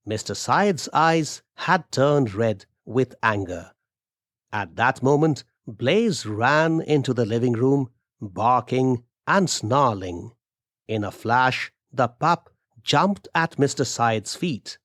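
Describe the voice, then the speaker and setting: A male narrator reads a story in a slow, steady, deliberate voice. His pitch sits in a middle range, and the recording is dry and close with no room sound. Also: no echo. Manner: measured, deliberate.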